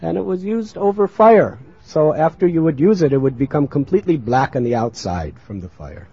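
A man telling a devotional story in a sermon, his voice sitting somewhat high and swinging widely in pitch. The tone is husky. The recording is muffled and lo-fi. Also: moderate pace. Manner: animated, expressive narration. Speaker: religious storyteller.

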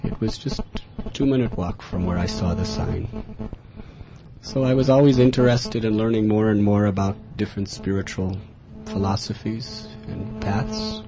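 A man from America, telling a personal spiritual story in an earnest, lively way, recorded in a dull, lo-fi recording. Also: fairly low pitch, moderate pace, over music. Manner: earnest, animated in tellings, chuckling. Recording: dull lo-fi recording with faint hiss.

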